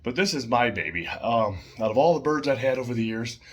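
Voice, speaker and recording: A man casually showing his pet birds at home, chatting in a rambling way with fillers and soft laughs. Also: medium pitch, animated, fairly quick.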